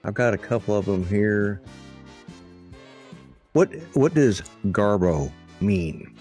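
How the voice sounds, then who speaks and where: A man co-hosting a live stream, reading out quiz questions slowly with chuckles over a video call. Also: fairly low pitch, animated, a little mellow, soft background music. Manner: slow, drawn-out quiz asking, chuckling. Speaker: co-host running a quiz. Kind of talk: casual chat on a live stream.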